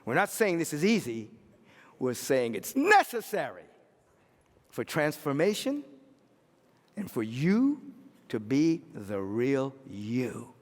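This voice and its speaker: A man preaching a sermon as a pastor, telling stories in an animated way and swinging between loud and hushed delivery. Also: medium pitch, takes it slowly, pauses often, long reverb tail.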